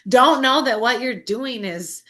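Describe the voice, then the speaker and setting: A woman speaks in a casual recovery meeting chat, her voice bright and forceful and somewhat strained. She rambles with passion, swears freely and breaks into laughter. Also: a little high, measured pace. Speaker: sober group member.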